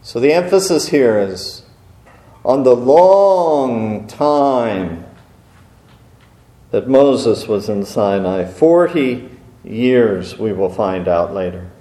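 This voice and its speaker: A man's voice: mid-range voice, lively intonation, drawn-out words, mellow. A man preaching a sermon in a conversational way, with rhetorical questions and wry asides. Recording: roomy echo.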